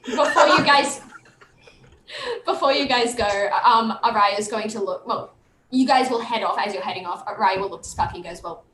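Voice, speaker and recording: A woman's voice: on the high side, moderate pace, a bit bright. A woman narrating a tabletop game as game master in a casual way. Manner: casual, many fillers and restarts. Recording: echoey room, faint noise.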